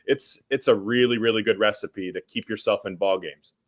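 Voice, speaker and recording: A man's voice: fairly low pitch, normal speed. A man from central Illinois talking as a guest basketball analyst in a casual interview, easygoing and enthusiastic.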